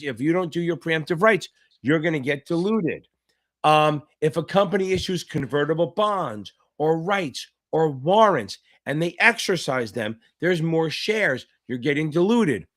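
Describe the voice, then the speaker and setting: Man as a laid-back, profane finance tutor running a live Q&A; slightly high voice, jokes between explanations. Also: fairly bright tone. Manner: casual, joking, swears freely; reads out viewer names, chatty asides. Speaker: exam tutor. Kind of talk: live online Q&A lesson.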